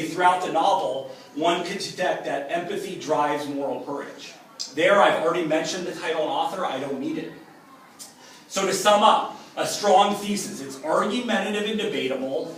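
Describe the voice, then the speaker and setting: Upbeat, emphatic male teacher, slightly high voice, miked from afar in a very echoey room. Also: a bit bright, a little hiss or hum. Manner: upbeat, emphatic, contrasts weak and strong examples. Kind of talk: explanatory lecture. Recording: echoey room from a distance with faint ambience.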